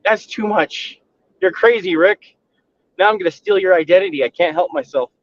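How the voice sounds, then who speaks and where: A man's voice: sits high, moderate pace, a little hiss or hum. A man joking around and teasing his friend during a live stream chat. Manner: teasing, incredulous. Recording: dull lo-fi recording.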